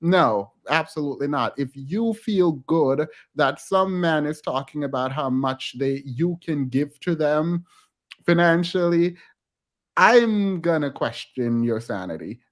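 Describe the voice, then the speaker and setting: A man co-hosting a casual discussion, with a fairly high voice. He rambles and stumbles, restarting his sentences often. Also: lively intonation. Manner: rambling, halting, many restarts and fillers. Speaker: podcast co-host.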